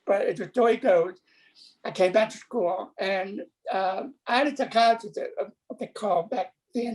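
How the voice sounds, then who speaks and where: A middle-aged man telling a personal story in a halting way, acting out the voices of the people in it. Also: high-pitched, a little mellow, poor audio. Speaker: guest.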